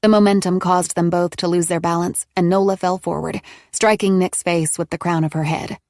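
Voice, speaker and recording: A woman narrating a thriller audiobook in a steady, even storytelling manner. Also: lowish voice, normal speed, no echo, clean studio sound. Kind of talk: scripted narration.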